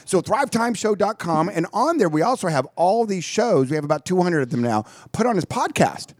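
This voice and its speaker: A man's voice: high-pitched, big pitch swings, fairly quick, no room sound, clean studio sound. A man co-hosting a radio show, joking with goofy asides. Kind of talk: casual radio banter.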